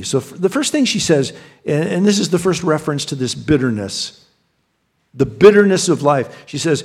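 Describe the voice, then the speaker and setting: A man's voice: high voice, expressive, normal speed, husky. A man, a pastor, preaching a sermon in a conversational way, often repeating words and restarting as he talks straight to his congregation. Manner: addresses the congregation directly.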